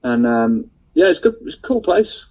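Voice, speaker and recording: A racing driver calling in by mobile phone, explaining car setups in a relaxed way. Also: male voice, medium pitch, normal speed. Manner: relaxed, explanatory, laughs easily. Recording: dull mobile phone line.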